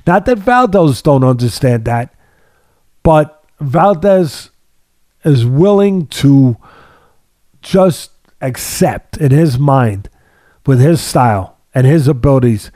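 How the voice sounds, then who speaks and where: A man's voice: mid-range voice, lively intonation, measured pace, dark tone, no room sound, studio quality. A man hosting a casual sports talk podcast as a boxing analyst. He talks emphatically, repeating phrases for stress, with a sardonic edge and long analogies.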